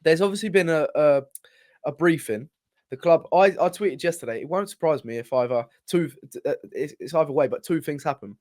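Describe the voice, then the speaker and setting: A man co-hosting a football podcast, talking in an excitable, sweary, rambling way with many restarts. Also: fairly high pitch, brisk. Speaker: podcast co-host. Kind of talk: casual football chat.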